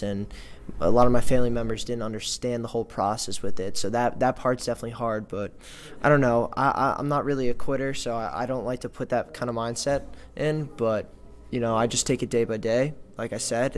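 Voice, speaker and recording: A young hockey player from New York answers interview questions. His talk is casual and halting, full of fillers and restarts. His voice sits at an ordinary middle pitch. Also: slight background noise. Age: young adult.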